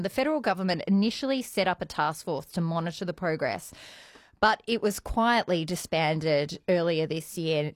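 A woman's voice: lowish voice, no room sound, studio quality. A woman with an Australian accent reporting on radio news, earnest and a little stumbling. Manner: earnest, stumbles over words, laughs easily. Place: radio studio. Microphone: studio microphone.

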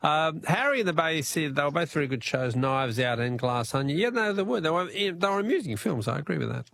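Chatty Australian radio quiz host. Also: male voice, mid-range voice, vocal fry, a bit bright. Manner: chatty, chuckling, reads listener messages. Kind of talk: casual talkback radio quiz.

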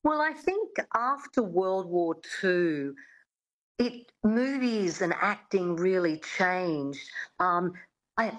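A woman's voice: lowish voice, low-quality recording. A woman, talking as a coach and guest on a radio show, explaining with easy fillers. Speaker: accent coach.

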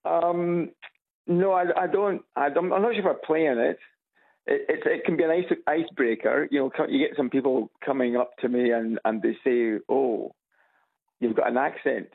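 A man with a Scottish Edinburgh accent, calling in to a radio show on a loudspeaker phone, chatting easily with some hesitant restarts. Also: medium pitch, steady tone, moderate pace, gravelly, breathy edge. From Scotland. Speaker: caller. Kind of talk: casual phone chat. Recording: tinny phone line on radio.

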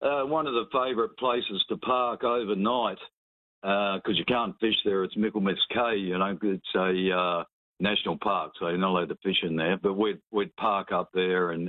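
A man calling in to a radio show, talking in a relaxed, rambling way with fillers. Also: sits low, dry recording. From New Zealand. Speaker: caller. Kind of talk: casual call-in chat. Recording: tinny phone line.

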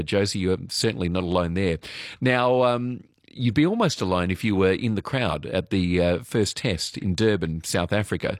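An Australian man presenting an evening radio show in a relaxed, chatty way, with frequent "uh" fillers, on a studio microphone. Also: low-pitched, dry recording. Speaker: radio host.

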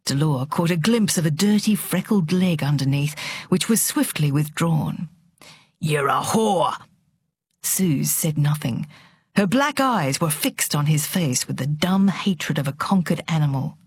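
A woman reads a novel aloud with dramatic expression, her voice lowish and husky. The delivery is lively and close to the mic, with a dry sound. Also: a little slow, no echo. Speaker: book reader on radio. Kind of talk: dramatic audiobook narration.

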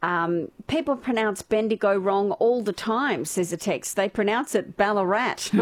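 A woman's voice: mid-range voice, takes it slowly, fairly bright tone, no echo. A woman with an Australian accent hosting a casual radio chat, reading out listener texts in a chatty way. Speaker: radio host.

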